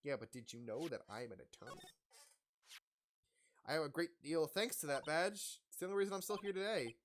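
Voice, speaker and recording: A woman voicing a dry, wry young male lawyer in a low, plain voice. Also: brisk, faint music behind, natural voice.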